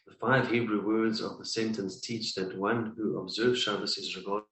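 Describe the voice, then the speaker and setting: A man reading aloud from a book in a study session, halting with restarts. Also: lowish voice, steady tone, a bit bright, echoey room, distant mic, poor audio. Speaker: study partner.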